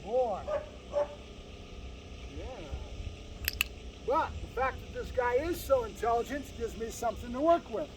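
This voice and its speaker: A male dog trainer with a strikingly high voice, lecturing emphatically and tagging his points with "right?". He is picked up from some distance away, with a faint hiss of noise underneath. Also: animated, a little slow, pauses often. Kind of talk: explaining dog training to owners.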